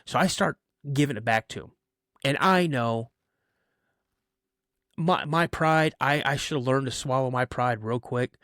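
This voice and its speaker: Podcast guest, male: a chatty, animated storyteller who slips into character voices, recorded dry and close. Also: mid-range voice, a little slow, pauses often, no echo. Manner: animated, acts out voices in his stories; chatty, many "you know" fillers. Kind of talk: casual storytelling.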